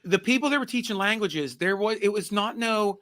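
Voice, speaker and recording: Animated, high-pitched man telling stories. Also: a little fast. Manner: animated, storytelling with put-on quotes and laughs. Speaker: podcast host. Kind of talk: casual chat.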